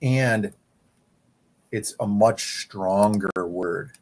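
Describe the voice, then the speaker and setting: A man co-hosting a casual comics livestream, talking in a relaxed, rambling way with deadpan jokes. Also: on the low side, extremely slow, low-quality recording. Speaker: co-host.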